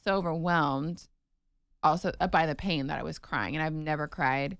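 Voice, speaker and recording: A woman co-hosting a podcast, telling a personal story in casual chat, animated and emotional with many fillers. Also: low-pitched, normal speed, smooth, dry recording, studio quality. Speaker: podcast co-host.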